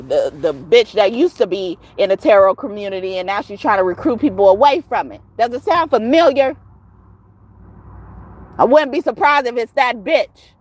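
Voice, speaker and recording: A woman tarot reader ranting to her viewers in a heated, profane, emphatic way. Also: mid-range voice. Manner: profane, emphatic, rising to shouts. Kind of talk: heated casual rant to viewers.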